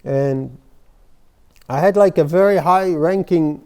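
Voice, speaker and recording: A man giving an informal workshop lecture on therapy, in halting, full of "you know" and restarts. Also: on the high side, dark tone, smooth. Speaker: psychotherapy lecturer. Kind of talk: workshop lecture with case stories.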